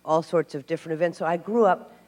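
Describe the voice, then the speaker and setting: A woman from Tennessee, a guest at a live Q&A, telling animated stories with laughs and restarts. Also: deep voice, quick pace. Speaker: actress guest. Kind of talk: live Q&A storytelling. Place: stage before a live audience. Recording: hall reverb.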